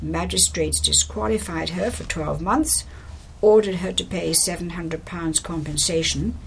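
A woman reading local court news aloud in a crisp, matter-of-fact way. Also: on the low side, measured pace, slight background noise. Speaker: volunteer news reader.

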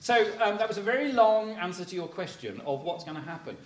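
A man's voice: sits high, expressive, fast. A middle-aged man gives a chatty, rambling talk to a live audience, chuckling as he tells stories and filling gaps with "you know, kind of thing.". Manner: chuckles while telling stories. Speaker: speaker addressing a local audience. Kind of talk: anecdotal public talk. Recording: echoey room, faint noise.

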